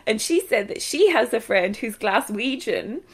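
A woman co-hosting a cookbook podcast, telling stories in an animated way and bursting into laughter. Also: on the high side, measured pace, husky. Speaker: podcast co-host. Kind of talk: casual chat.

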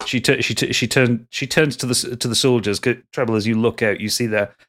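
A man narrating a tabletop game as game master in a casual, halting way. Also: medium pitch, steady tone, a bit bright. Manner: casual, halting, lots of restarts.

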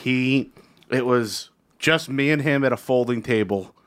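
A man's voice: mid-range voice, unhurried. A man on a comedy podcast, casually telling a rambling anecdote with restarts and asides. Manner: rambling anecdote with frequent restarts and quoted voices. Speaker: podcast co-host.

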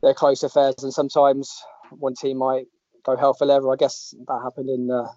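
A man's voice: mid-range voice, little pitch movement, normal speed, dark tone, dry recording. A man from England hosting a casual football podcast, chatty and jokey, with rambling restarts. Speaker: podcast host. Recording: dull lo-fi audio.

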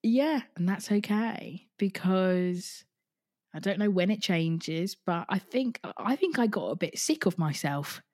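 A woman's voice: medium pitch, animated, a little slow, darkish tone. A woman hosting a podcast, chatting frankly and casually with her guest, with casual swearing. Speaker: podcast host. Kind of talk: casual interview chat.

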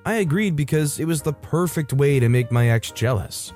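Man reading stories over soft music. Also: on the high side, animated, normal speed. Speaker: story narrator. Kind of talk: scripted story narration. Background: soft background music.

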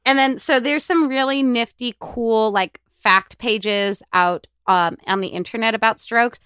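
A woman's voice: on the high side, measured pace, a bit bright, clear, resonant tone, no room sound, studio quality. A woman co-hosting a podcast in chatty, enthusiastic casual talk, full of "like" fillers. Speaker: podcast co-host. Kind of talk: casual chat.

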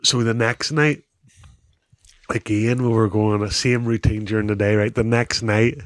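A middle-aged man with a Northern Irish accent, telling a story casually as an interview guest, animated, with "bro" and "wee" and plenty of laughs. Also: on the low side, a little slow, no room sound, clean studio sound. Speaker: guest, former rugby player.

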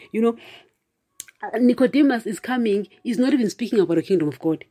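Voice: medium pitch, animated, fast talker, mellow. An online preacher talking casually to viewers, often laughing and calling the listeners "guys". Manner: chatty, addresses listeners as "guys", frequent "you know"; laughs often, with emphatic asides.

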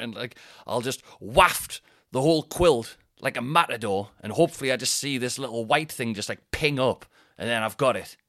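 A man hosting a podcast, telling comic stories in a chatty, self-deprecating way with animated asides. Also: medium pitch, brisk, no echo, clean studio sound. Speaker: podcast host. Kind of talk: casual comedic monologue.

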